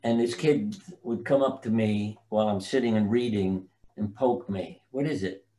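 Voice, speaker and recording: A man's voice: on the low side, steady tone, moderate pace, mellow. An older man, a physician and author, telling long anecdotal stories as a guest in a casual interview and sometimes losing track of names. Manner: rambling anecdotal storytelling, forgets names.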